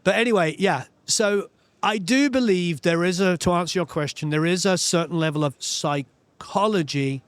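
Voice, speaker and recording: A man, a music producer telling studio stories in an interview, animated and full of "you know" fillers. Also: high voice, normal speed, clean tone, dry recording. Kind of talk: storytelling interview chat.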